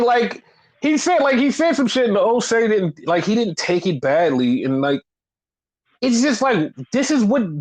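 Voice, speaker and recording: Young male podcast co-host, high-pitched, profane rant, filler-heavy. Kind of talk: casual critical rant.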